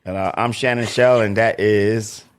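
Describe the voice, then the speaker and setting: A man co-hosts a relaxed podcast from a studio, talking in an easygoing, joking way. He tends to repeat his phrases as he chats. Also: fairly low pitch, measured pace, a little hiss or hum. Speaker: podcast co-host. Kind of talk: casual chat.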